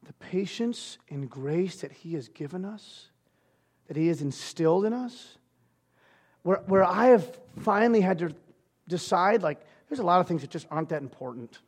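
High-voiced preaching man, lively. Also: normal speed. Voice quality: animated preaching, swings from loud to hushed. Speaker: pastor. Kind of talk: sermon.

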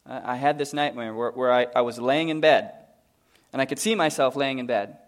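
A man, a pastor and father, preaching a sermon at a live church service. He tells stories, rising to loud, emphatic peaks and dropping to hushed, quiet passages before leading a prayer. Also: medium pitch, brisk. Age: adult, father of a young daughter.

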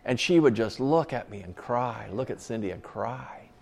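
A man's voice: medium pitch, animated, normal speed, vocal fry, slight background noise. A man preaching a sermon as pastor, earnest and conversational, with casual asides to the congregation.

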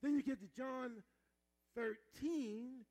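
A man preaching a sermon, calling on the congregation to repeat after him, moving between chatty asides and shouted peaks. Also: extremely high pitch, takes it slowly, poor audio. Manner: call-and-response preaching, calls on the congregation to repeat; swings between conversational asides and shouted climaxes. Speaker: pastor.

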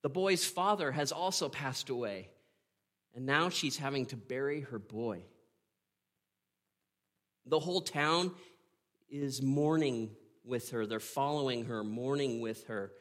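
A man preaching a sermon, retelling a story with earnest drama, pausing and asking "right?". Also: medium pitch, fairly bright tone. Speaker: pastor.

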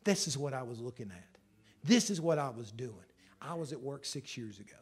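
A middle-aged man, preaching a sermon in an emotional storytelling way that swells loud at the peaks. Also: mid-range voice, expressive, fairly quick, breathy edge. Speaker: pastor.

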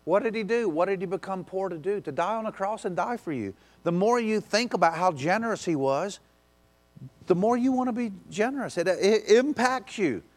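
A man's voice: high-pitched, expressive. Man preaching in a conversational way. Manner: conversational preaching with quick acted asides. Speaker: pastor. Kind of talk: sermon.

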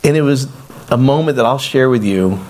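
A middle-aged man preaching, telling a personal story with lively acted-out quotes and self-deprecating asides. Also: medium pitch, moderate pace. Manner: animated storyteller, acts out quoted voices. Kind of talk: storytelling sermon.

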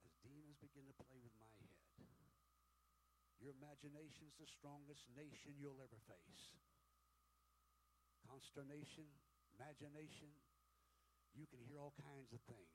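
A man preaching a sermon, telling a story with folksy humor, shifting between hushed and loud. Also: fairly high pitch, a little hiss or hum, rough recording. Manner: dramatic, swings from hushed to loud. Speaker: pastor.

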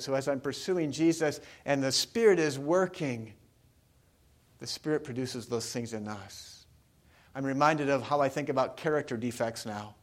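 A man preaching a sermon, talking casually with the congregation and asking them questions. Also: on the high side. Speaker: pastor.

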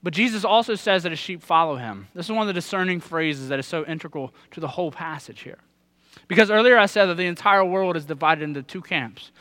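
A man's voice: sits high, expressive, quick pace, pushed and bright. A man in his thirties preaching a sermon, earnest and putting direct questions to his listeners. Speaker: pastor.

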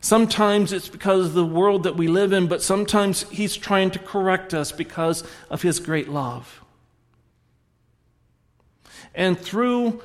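A man preaching in a church, telling stories and swinging between soft reflective moments and animated punchlines. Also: high voice, in a large hall. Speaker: pastor. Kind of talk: sermon. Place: church sanctuary.

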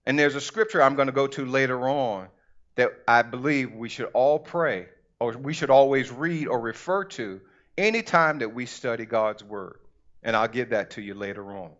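A middle-aged male pastor preaching a sermon and reading scripture, with an emphatic delivery that calls on the congregation and slows down to stress key words. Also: medium pitch, a bit bright. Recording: dull lo-fi recording.

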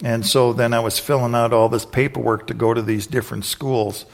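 A man preaching, telling a personal story in an animated, conversational way with sudden loud exclamations. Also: mid-range voice, a little fast, vocal fry.

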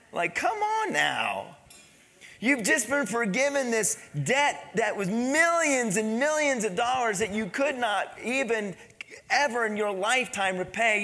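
A man's voice: sits high, pushed and bright. A man preaching a sermon in a conversational way, asking the congregation questions as he reads and explains a story. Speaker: pastor. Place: church sanctuary. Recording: long church reverb.

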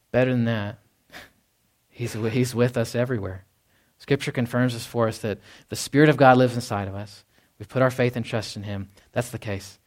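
A man's voice: mid-range voice, brisk, darkish tone. A male pastor giving a conversational sermon, often repeating words and acting out everyday voices. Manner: conversational, with many restarts and acted-out quotes.

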